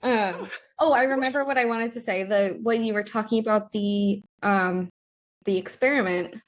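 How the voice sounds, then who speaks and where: A woman co-hosting a podcast, chatting casually and affirming her partner often. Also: mid-range voice. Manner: supportive listener, quick affirmations. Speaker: podcast co-host. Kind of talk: casual chat.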